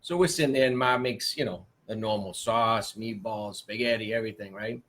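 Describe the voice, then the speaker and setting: A man guest telling a family anecdote in relaxed, casual chat. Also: on the low side, brisk. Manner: relaxed storyteller.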